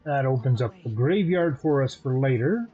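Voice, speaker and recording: A man hosting a let's play, giving relaxed, matter-of-fact gameplay commentary. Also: mid-range voice, normal speed, husky. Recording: dull audio with game music.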